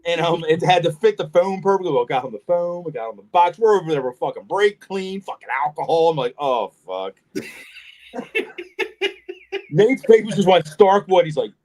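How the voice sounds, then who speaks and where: A man's voice: fairly high pitch, expressive, normal speed, a little mellow. A man co-hosting a casual podcast chat, telling a funny story with lots of swearing and laughter. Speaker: podcast co-host.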